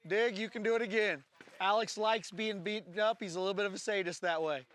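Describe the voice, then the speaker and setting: A man's voice: high-pitched, fairly even intonation, brisk, a bit bright. A man working as a firearms instructor, explaining drills to his class with jokes and then barking short range commands. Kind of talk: live training-class instruction.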